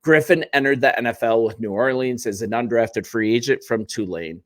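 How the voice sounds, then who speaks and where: A man's voice: mid-range voice, moderate pace. A man hosting a sports channel, talking casually to the camera in a chatty, wry way with joking asides and self-corrections.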